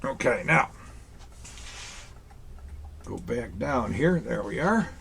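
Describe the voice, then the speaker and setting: Gravelly man as Santa talking to kids. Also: mid-range voice, expressive, takes it slowly, fairly bright tone, a little hiss or hum. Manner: folksy, chatty, talks straight to children. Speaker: Santa Claus performer hosting a kids' craft show. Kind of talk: children's craft demonstration.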